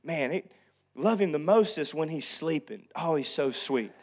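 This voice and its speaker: A pastor in his thirties preaching a sermon, acting out family quarrels and swinging from loud to hushed. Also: fairly high pitch, animated, a little slow.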